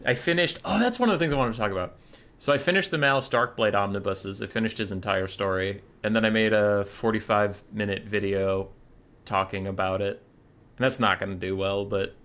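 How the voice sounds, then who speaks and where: A man's voice: lowish voice, a little fast, a bit bright. A man hosting a live game stream, chatting casually, answering chat and going off on laughing, swearing rants. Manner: reads chat aloud and answers it.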